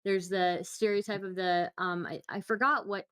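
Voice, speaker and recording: A woman's voice: medium pitch, fairly even intonation, moderate pace, a bit bright, clear, resonant tone. A woman on a discussion panel, speaking hesitantly with many restarts. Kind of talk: casual panel chat.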